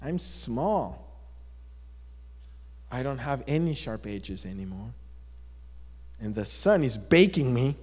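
A man's voice: mid-range voice, sing-song, slow, long pauses, a little mellow. A man voicing a gloomy rock that keeps complaining its life is miserable, in a mournful, whiny way. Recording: long echo of a large hall.

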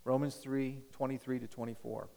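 A man preaching a sermon as pastor, emphatic, swinging from loud declarations to hushed appeals. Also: mid-range voice, little pitch movement, moderate pace, creaky, in a large hall.

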